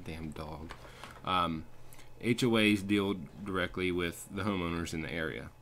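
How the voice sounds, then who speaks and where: A young man with a deep, low voice tells a long, angry story while he plays a game. He rants freely and swears often, and a faint hiss sits under the talk. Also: moderate pace, a bit bright. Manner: profane, ranting. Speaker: landscaping crew leader. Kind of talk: casual storytelling over gameplay.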